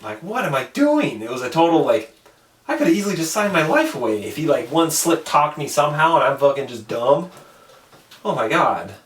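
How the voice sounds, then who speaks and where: Fast-talking man rambling through a story. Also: a little high, expressive, roomy sound, recorded from a distance. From Alaska. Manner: rambling, swearing, acts out quoted people. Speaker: podcast host. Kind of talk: casual storytelling chat.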